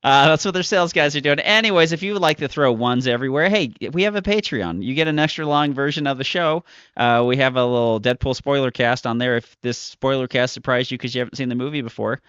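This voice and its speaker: A man hosts a podcast with a smooth voice, trading wry jokes and running through the sign-off. The audio is dry and muffled, with no room sound. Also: medium pitch, quick pace, fairly bright tone, no room sound. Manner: joking, wry. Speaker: podcast host. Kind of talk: casual chat and show outro.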